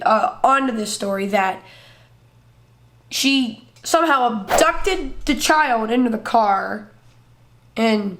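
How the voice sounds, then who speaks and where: A woman's voice: a little high, fairly bright tone. A woman hosting a sarcastic reaction commentary, rambling and laughing at what she watches. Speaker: commentary host.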